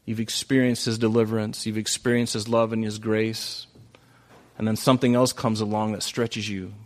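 A male pastor giving a sermon in a conversational way. He swings between loud, emphatic lines and soft, hushed passages, and often repeats phrases. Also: fairly low pitch.

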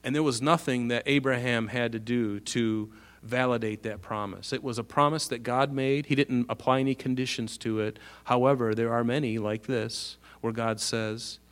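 A man of middle pitch preaching a sermon. He reads verses aloud with rising emphasis, then explains them in plain, earnest terms. He asks his listeners rhetorical questions along the way. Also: steady tone, normal speed, a bit bright. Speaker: pastor. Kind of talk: sermon, reading and expounding scripture.

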